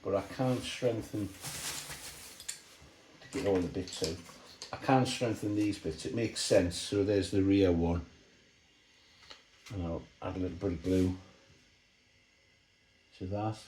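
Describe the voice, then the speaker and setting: A man narrates his model building in an easygoing, thinking-aloud way. His voice sits on the lower side. The sound carries a roomy echo from the workshop around him. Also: a little slow, pauses often, a little hiss or hum. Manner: relaxed, thinking aloud while working, explaining as he goes. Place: hobby workshop bench.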